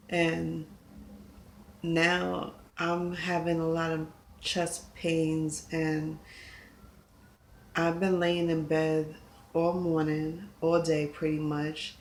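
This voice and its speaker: A woman talking through a personal confessional vlog, upset and halting, often repeating herself. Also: low-pitched, completely flat delivery, slight background noise. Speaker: vlogger.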